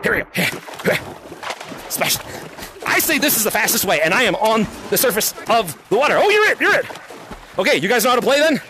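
A bright, very high-voiced young man calls out a VR game live, his pitch bouncing all over. He yells quick repeated calls and laughs constantly, a bit sweaty from moving around. A faint hiss of noise sits under the voice. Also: lively intonation. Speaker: VR game streamer hosting fan lobbies. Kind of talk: excited live gameplay commentary. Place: indoors, playing in VR.

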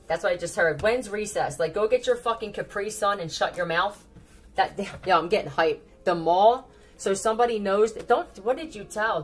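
A woman with a Philadelphia accent giving a casual tarot reading, blunt and profane, with animated warnings to her viewers. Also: medium pitch. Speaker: tarot reader.

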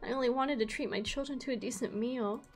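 A woman's voice: fast talker, faint music behind, lightly acted. A woman voicing a frightened young refugee man who begs and pleads, reading game dialogue aloud. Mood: pleading. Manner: high-pitched, pleading.

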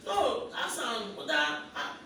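A woman's voice: fairly high pitch, huge pitch swings, slow, sharp tone. A Nigerian mother scolding her daughter in Pidgin-accented English, repeating herself insistently. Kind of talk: angry family scolding. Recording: echoey room, distant mic, faint noise.

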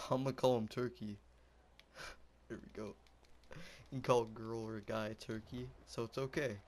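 A man's voice: medium pitch, fairly even intonation, normal speed. A young man giving goofy, rambling commentary while playing a game, yelping and laughing as he goes. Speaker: gameplay commentator. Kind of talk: casual gameplay commentary.

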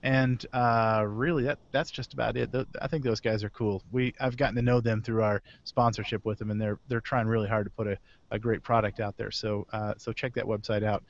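This beer podcast host has a fairly low voice with little pitch movement and talks briskly on a muffled recording. Speaking over a video call, he meanders through release news, correcting himself and chuckling between items.

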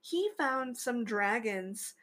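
A woman's voice: fairly high pitch, animated, takes it slowly, fairly bright tone. A woman podcast host telling a tabletop game story in a chatty way, laughing at her own tale.

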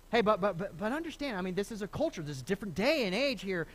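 This high-voiced, middle-aged pastor races through his sermon with hardly any pauses, preaching from the pulpit of a church sanctuary. Very animated, he swings his pitch widely, keeps restarting his sentences, and slips into acted voices when quoting others, all in a lively, conversational style.

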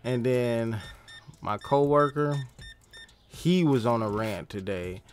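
A man's voice: medium pitch, slow. A man talks casually over his gameplay, spinning a rambling story about his day. He swears freely and speaks in a mid-range voice, and faint music plays behind him. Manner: chatty, profane, rambling storyteller. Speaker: gaming channel host.

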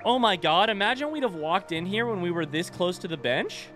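A man hosting a gaming channel, giving excitable, swearing commentary as he plays. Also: high-pitched, a little fast. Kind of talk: live gameplay commentary. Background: game music.

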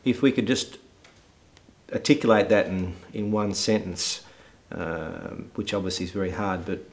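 Male interview host, low voice, hesitant, thoughtful. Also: fairly even intonation, normal speed. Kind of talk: interview questions.

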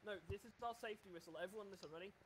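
A man chatting excitably and teasing his friends over voice chat while they play a game together, goofy and quick to joke. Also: high voice, crowd noise. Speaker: gaming stream co-player. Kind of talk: casual gaming voice chat.

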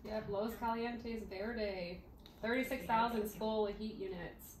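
A woman in casual chat, briskly reading out questions and sauce names. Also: medium pitch, fairly even intonation, a little hiss or hum. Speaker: reads the questions. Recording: roomy room.

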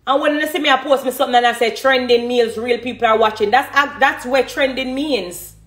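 A woman with a Jamaican accent, in her thirties, does a casual live-stream chat from her phone, going through comments and breaking into laughter often; she's a dancehall artist. She speaks briskly in a higher, slightly bright voice.

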